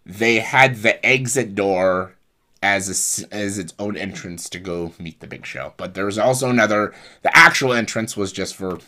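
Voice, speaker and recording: Guy, deep voice but bright tone, rambles through a story with lots of likes and restarts. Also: normal speed. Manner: rambling, with fillers and self-corrections. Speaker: vlogger. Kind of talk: casual storytelling.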